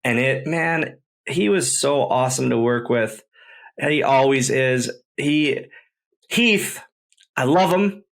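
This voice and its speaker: A man's voice: medium pitch, slow, vocal fry. A man hosting a podcast, telling wrestling stories in an enthusiastic, rambling way and often repeating himself. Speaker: podcast host, former wrestler. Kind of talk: casual podcast storytelling.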